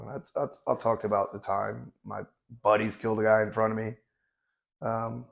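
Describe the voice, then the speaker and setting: A gravelly, fairly low-pitched man in his thirties speaking as a veteran corpsman guest. He tells his story in a blunt, matter-of-fact way, restarting his sentences often. His delivery stays flat, with little rise and fall. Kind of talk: candid conversational storytelling.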